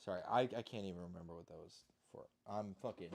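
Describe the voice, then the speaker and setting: A man's voice: fairly low pitch, very animated, a little fast, gravelly, a little hiss or hum. Rambling, swearing man cooking at home. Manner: rambling, self-deprecating, swears casually. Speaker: home cook vlogger. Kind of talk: casual kitchen chat.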